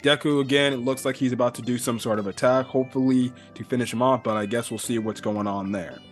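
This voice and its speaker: A man's voice: medium pitch, fairly even intonation, fast talker, soft background music. A man casually recapping a comic chapter in a rambling way, full of fillers and the odd swear word. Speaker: manga reviewer.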